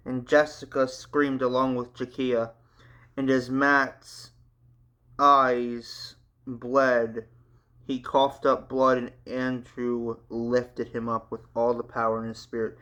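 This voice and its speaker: A man hosting his channel, reading a manga story aloud with casual, animated asides. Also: mid-range voice, slow pace, clean tone. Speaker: channel host, story reader.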